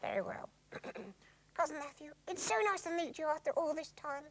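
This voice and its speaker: Man doing a squeaky, sarcastic ventriloquist dummy boy, cocky backchat. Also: moderate pace. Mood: cheeky. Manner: cheeky, backchatting, deadpan put-downs.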